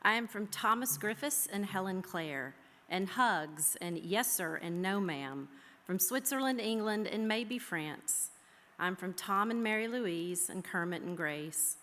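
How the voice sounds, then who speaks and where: A woman from the American South, a history teacher, reading her own poem aloud and then speaking warmly and folksily to her students. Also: mid-range voice, expressive, a little slow. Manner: heartfelt, folksy, says y'all. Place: school chapel. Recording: reverberant hall.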